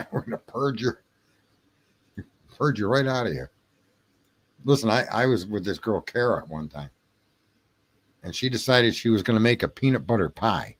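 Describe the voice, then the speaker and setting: A man hosting a late-night livestream, chatting casually and profanely with his viewers. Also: on the low side. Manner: rambling, profane, jokey banter with chat. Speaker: livestream host reading chat.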